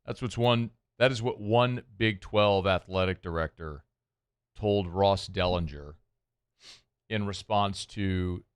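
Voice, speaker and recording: Male sports talk radio host with a low voice. Delivers a wry, conversational studio monologue and gets heated at times. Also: clean tone.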